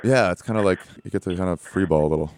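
A man's voice: sits low, very fast, a little mellow, dry recording. A man hosting a comedy show, chatting casually and joking with his guest. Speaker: show host. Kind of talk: casual chat.

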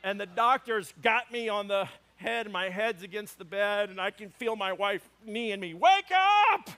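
Pastor guy preaching in church, high voice, tells funny stories. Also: moderate pace. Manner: animated storytelling with humor. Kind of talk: sermon. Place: church before a congregation.

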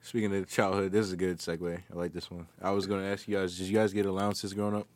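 A man's voice: low voice, flat delivery, fast. A young man co-hosting a casual podcast chat, laid-back and laughing often. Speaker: podcast co-host.

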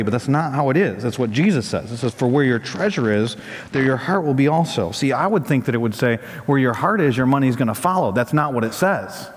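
A man preaches in a large church sanctuary, his voice carrying a long reverb through the hall. He tells stories in an easy, conversational way, then builds to emphatic peaks. His pitch sits in a middle range for a man. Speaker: pastor. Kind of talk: sermon.

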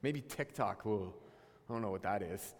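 A man preaching a sermon as pastor, animated and acting out the voices of God and his listeners. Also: fairly low pitch, normal speed. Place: church sanctuary. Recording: long reverb of a hall.

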